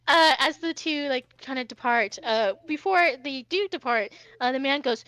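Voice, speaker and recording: A woman's voice: high-pitched, normal speed, pushed and bright, dry recording. A woman narrating as game master of a tabletop game, chatty and rambling with many fillers.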